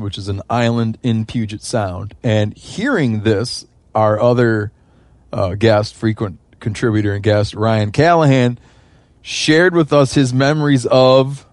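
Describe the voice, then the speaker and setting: A man's voice: medium pitch, no room sound. A man hosting a casual podcast, congested with a sore throat, who talks loosely and restarts his sentences. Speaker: podcast host.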